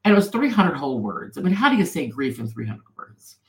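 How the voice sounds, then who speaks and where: A woman guest telling her personal story in an interview, earnest and animated. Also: low voice, quick pace, roomy sound, low-quality recording.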